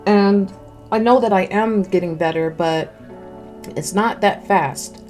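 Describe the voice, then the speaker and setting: A woman streamer with a mid-range, darkish voice talks slowly in a casual chat, eating along the way. Between words she chews, speaking openly into a close desk mic, and faint music sits in the background.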